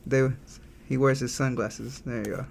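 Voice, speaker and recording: Drawing live on stream, a game developer speaks at normal speed in a gravelly, mid-range voice, with a little hiss or hum in the background. He's laid-back, thinking aloud and reading out chat messages to reply.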